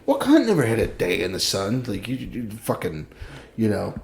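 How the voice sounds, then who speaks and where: A man's voice: on the low side, wildly swooping pitch, normal speed, vocal fry, a little mellow. A young man co-hosting a podcast, ranting and joking in a loose, profane, rambling way. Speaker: podcast co-host. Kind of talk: casual podcast chat.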